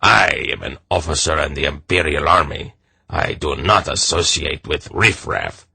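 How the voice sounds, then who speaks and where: A pompous little army captain, suspicious and smug, barking short clipped questions, as a man reads him. The voice sits very low with a husky edge and a bright bite, recorded dry and close. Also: expressive, moderate pace, no room sound, exaggerated voice.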